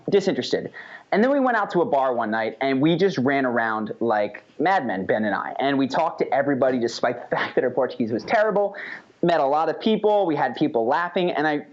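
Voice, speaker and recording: Man instructor, chatty and animated, mid pitch, dull lo-fi recording. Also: fast talker. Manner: animated, conversational, often says "right?". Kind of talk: casual recorded lesson.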